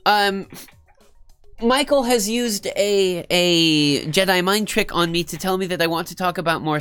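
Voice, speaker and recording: A woman's voice: lowish voice, unhurried, a bit bright, clean tone, soft background music. A woman streamer with a stuffed-up nose, chatting casually and rambling with her live viewers, often cutting herself off and joking. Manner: rambling, self-interrupting, joking.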